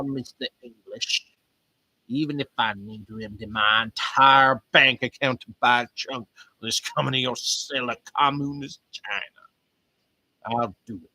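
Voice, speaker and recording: A man's voice: mid-range voice, pushed and bright, breathy edge, dry recording, rough recording. A man putting on a furious hellfire preacher. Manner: ranting, sermon-like, drawn-out delivery. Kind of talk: storytelling with character voices.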